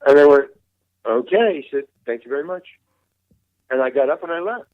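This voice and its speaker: A man's voice: on the high side, fast talker, no room sound. An older man, a veteran actor, telling rambling anecdotes in an interview and acting out the dialogue he quotes. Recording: tinny phone-like line, dry.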